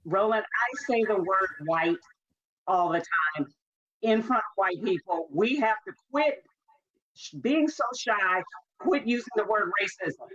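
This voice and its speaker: A woman's voice: mid-range voice, animated, measured pace, a bit bright, dull audio. A woman author interviewed as a guest, speaking emphatically and repeating her points insistently.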